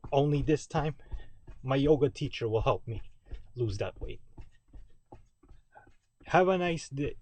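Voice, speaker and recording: A man's voice: mid-range voice, a little mellow, a little hiss or hum. A man recording a rambling, ranting video message from his basement at home, repeating and correcting himself as he goes. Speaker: vlogger. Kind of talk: direct-to-camera video message.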